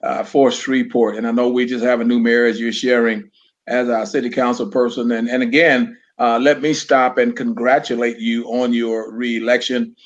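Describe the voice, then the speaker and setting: A man hosts an interview, posing his questions politely and haltingly and restarting his words often. His voice sits at a middle pitch. The sound is muffled and lo-fi, like a live stream. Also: level tone. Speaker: talk show host. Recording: dull lo-fi live-stream audio.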